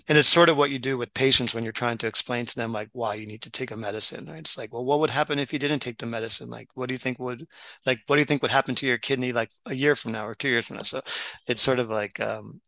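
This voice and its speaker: Bright-voiced rambling man. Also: mid-range voice, no echo, poor audio. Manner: rambling, many restarts and fillers. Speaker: doctor and writer. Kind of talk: casual podcast conversation.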